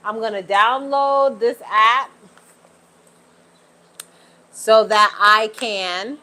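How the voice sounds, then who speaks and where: A woman's voice: fairly high pitch, drawn-out words, sharp tone. A woman hosting a casual livestream from home, chatting with viewers and laughing often. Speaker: livestream host.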